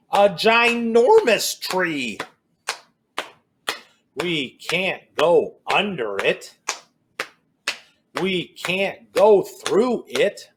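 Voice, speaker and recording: A man's voice: a little high, noisy background. A man leading a children's story walk outdoors, chanting a repeating refrain with playful exclamations. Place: outdoors in a cornfield and woods.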